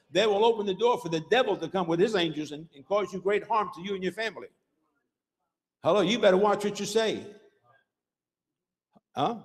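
A man preaching a sermon as pastor, emphatic and rhythmic, throwing out call-outs like "Hello?" and "Huh?" to the congregation. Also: high-pitched. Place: church sanctuary. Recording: long reverb of a church hall.

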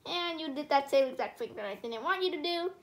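A woman performs every role in a homemade cartoon, in a high voice. She keeps breaking into frantic yelps and cries of pain between her lines. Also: lively intonation, brisk. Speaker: fan animator voicing all characters.

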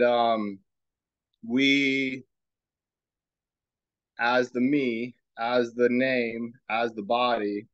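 A man hosting a podcast, giving a reflective spiritual talk in a slow, musing way and asking himself rhetorical questions. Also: medium pitch, no room sound, highs cut off. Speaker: podcast host.

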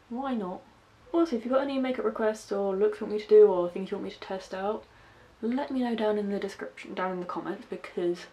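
Chatty young woman with a gravelly edge. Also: medium pitch, dark tone, slight background noise. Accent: West Country English. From West Country, England. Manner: chatty, self-deprecating, narrating each step. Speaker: makeup vlogger. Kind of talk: casual makeup tutorial chat.

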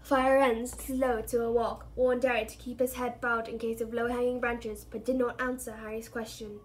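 A woman reads a novel aloud in a steady storytelling voice that sits fairly high. She keeps a plain, even pace, with a few slips along the way. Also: normal speed. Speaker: reader.

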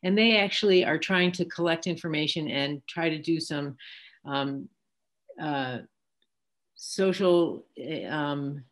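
An American woman physician speaking as a panel guest, measured and explanatory, with pauses and fillers. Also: low voice. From United States. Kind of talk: panel discussion.

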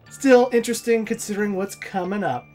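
A woman casually commentating a video game playthrough, chatty and giggly, saying "like" a lot. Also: mid-range voice. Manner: chatty, giggly, says "like" often. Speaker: let's play host.

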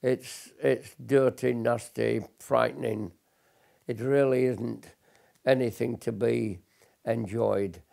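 A man's voice: mid-range voice, steady tone, takes it slowly, creaky, darkish tone. An older man, a military veteran, recalling combat in a blunt, earnest documentary interview, often restarting his sentences. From Britain.

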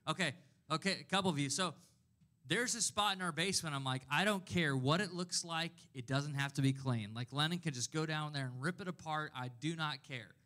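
A man in his thirties, a pastor giving a conversational sermon with animated personal stories. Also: fairly high pitch, brisk.

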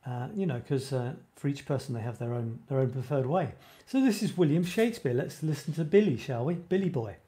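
A man with a mellow, medium-pitched voice talks a little fast with few pauses. He hosts a creative writing show and chats casually on a live stream, rambling, often stopping mid-sentence and laughing at himself.

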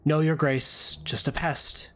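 A man voicing a servile male butler who answers flatly and automatically. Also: on the high side, slow pace. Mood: dutiful. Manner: flat, automatic replies.

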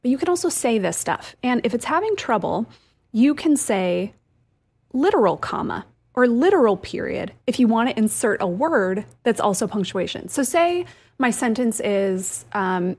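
A woman's voice: a little high, very animated, normal speed, a little mellow, husky. A woman co-hosting a radio show, upbeat, explaining tips step by step. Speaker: co-host. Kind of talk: casual radio show chat.

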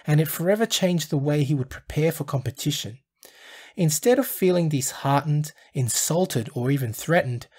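Husky-voiced man narrating a documentary. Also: fairly high pitch, a little mellow. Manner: measured storytelling delivery. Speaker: documentary narrator and channel host.

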